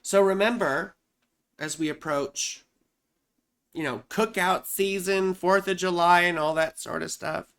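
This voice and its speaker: A woman's voice: on the low side, measured pace, gravelly. Chatty woman astrologer. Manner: chatty, loose, peppered with "you know" and "right?". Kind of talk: casual horoscope explainer.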